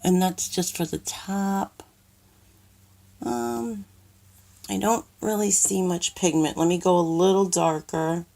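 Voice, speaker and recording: A woman's voice: fairly low pitch, steady tone, takes it slowly, vocal fry, pauses often, warm tone. A woman with a New York accent filming a casual makeup tutorial at home, rambling with lots of ums and restarts, a little nervous on camera. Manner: self-conscious, says she is nervous on camera. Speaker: makeup vlogger. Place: cluttered bedroom at home.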